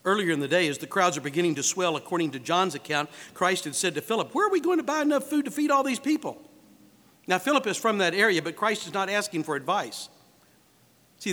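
A man preaches in a high, lively voice that swings widely as he acts out quoted voices and asks rhetorical questions. His sermon rings through a reverberant hall. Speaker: pastor.

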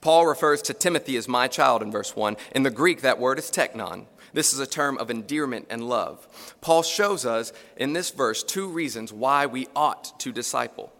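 A man delivering a sermon in a church sanctuary, his mid-pitched voice ringing with a long hall reverb. He preaches earnestly, stacking up phrases and posing rhetorical questions for emphasis. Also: expressive, normal speed, fairly bright tone.

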